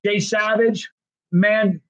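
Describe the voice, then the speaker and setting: In dull, lo-fi stream audio, a tired livestream host rambles through casual chat, gushing as he thanks his viewers one at a time. His voice is high-pitched and a little bright, with fairly even intonation and a slow pace.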